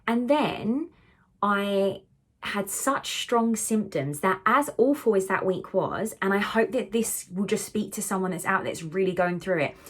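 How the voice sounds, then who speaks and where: A woman's voice: mid-range voice, a little slow, slightly rough. Candid young woman chatting. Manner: candid and animated, swearing freely, with lots of fillers. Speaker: vlogger. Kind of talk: casual chat to camera.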